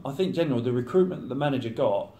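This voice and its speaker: Man, 30, professional footballer, relaxed interview talk, mid-pitched, echoey room sound. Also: racing. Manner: chatty, acts out teammates' banter. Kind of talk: casual interview chat. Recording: roomy echo.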